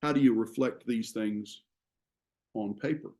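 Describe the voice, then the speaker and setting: A man teaching a class on writing, explaining ideas in a measured way with frequent pauses. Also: on the low side, dark tone. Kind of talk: classroom lecture.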